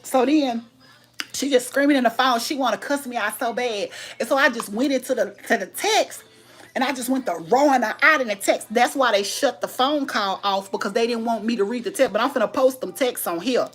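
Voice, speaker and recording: A woman tells a story on her livestream in a husky, fairly high voice. She talks loudly and animatedly, laughing as she goes. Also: fairly quick. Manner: animated, loud, laughing, retelling an argument. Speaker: livestream host. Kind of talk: casual storytelling rant.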